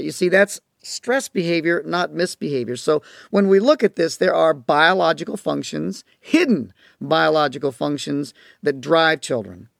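A man's voice: fairly high pitch, animated, moderate pace, creaky, few pauses, no echo, studio quality. A man teaching parents in a recorded lecture, explaining in an earnest, emphatic way. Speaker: parenting educator and counselor.

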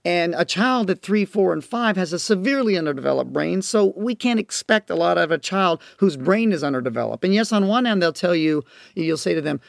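A man's voice: sits high, lively intonation, brisk, vocal fry, few pauses, no echo, studio quality. A man teaching parents in a recorded lecture, explaining in an earnest, emphatic way. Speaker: parenting educator and counselor.

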